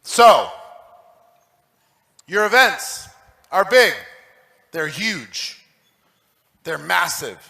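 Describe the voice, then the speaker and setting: A man giving an emphatic, preachy stage talk to a live audience as a motivational speaker, at times rising to shouts. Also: high voice, big pitch swings, extremely slow, creaky, long pauses. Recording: echoey hall recording.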